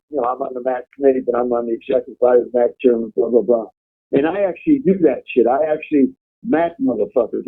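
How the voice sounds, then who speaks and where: A man's voice: on the high side, gravelly, slightly rough. A man telling rambling, profane stories as a guest in a casual chat. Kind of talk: casual storytelling. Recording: tinny phone line.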